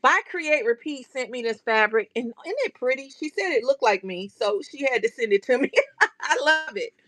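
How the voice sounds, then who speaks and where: A woman's voice: fairly high pitch, expressive, fairly quick, fairly bright tone. A woman hosting a craft livestream, chatting casually and animatedly straight to her viewers.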